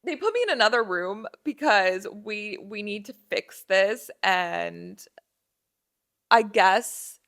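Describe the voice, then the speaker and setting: A young woman hosting a podcast tells a casual story, full of fillers and restarts, animatedly acting out the dialogue of the people in it. Her voice is medium-pitched and gravelly, and she takes it slowly.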